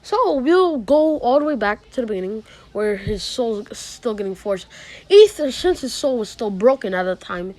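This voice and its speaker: A woman's voice: fairly high pitch, big pitch swings, moderate pace, mellow, poor audio. A woman casually retelling a made-up fantasy story, rambling with many fillers, restarts and asides.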